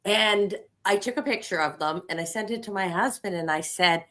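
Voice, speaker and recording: A woman's voice: medium pitch, normal speed, few pauses, sharp tone. A woman telling a story in casual conversation, chatty with many fillers.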